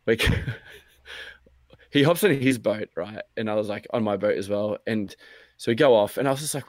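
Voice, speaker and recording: A man's voice: on the low side, brisk, no echo. Rambling guy, dry close sound. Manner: rambling, filler-heavy, acts out his own quotes, swears freely. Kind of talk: casual storytelling chat.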